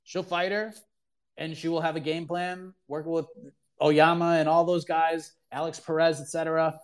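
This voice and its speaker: A man's voice: a little high, little pitch movement, normal speed, clean tone. A man hosting a casual sports talk call-in show, opinionated and emphatic, often repeating himself for emphasis. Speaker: podcast host answering callers.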